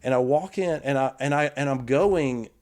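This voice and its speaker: Middle-aged male guest, earnest storyteller, mid-pitched, restarts and quiet asides. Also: normal speed. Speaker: podcast guest. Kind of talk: storytelling in casual conversation.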